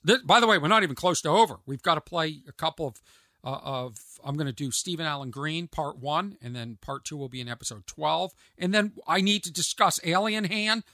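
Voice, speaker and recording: A man's voice: high-pitched, pushed and bright, no echo. A man hosting a solo comedic podcast from a home studio in a converted camper, rambling and self-mocking with exaggerated pleading. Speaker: podcast host.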